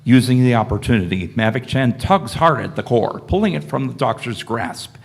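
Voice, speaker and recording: A man narrating the stage directions of a live fan radio play in plain, steady narration. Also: mid-range voice, moderate pace, creaky, slightly rough.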